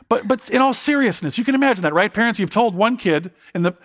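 Male preacher, expository sermon, fairly high-pitched, conversational, repeats words, rhetorical questions. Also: a bit bright. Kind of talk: expository sermon, Bible reading and commentary.

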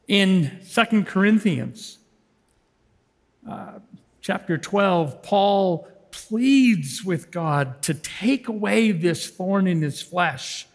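A man giving a sermon as a lay preacher, animated and swinging between shouts and hushed tones. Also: sits high, very slow, long reverb tail.

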